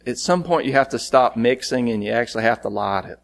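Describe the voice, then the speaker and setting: A man preaching a sermon, telling a lively personal story in a folksy, animated way. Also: brisk, few pauses. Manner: animated, folksy storytelling, jumping in pitch for quoted lines.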